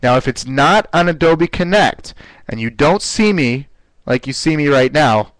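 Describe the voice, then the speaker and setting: A man teaching a live online class on running webinars, speaking in an energetic coaching manner and often repeating words as he goes. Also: on the high side, measured pace, no room sound, rough recording. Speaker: webinar instructor.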